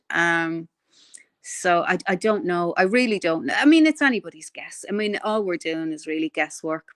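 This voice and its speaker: A woman's voice: fairly low pitch, no echo, clean studio sound. A woman hosting a casual livestream, chatting bluntly with viewers and thinking aloud in a rambling, opinionated way. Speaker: livestream host. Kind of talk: casual livestream chat answering viewer comments.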